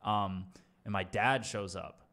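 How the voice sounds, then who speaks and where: A man's voice: lowish voice, slow, sharp tone. A young man casually telling a long rambling story on a stream, swearing freely and laughing at himself.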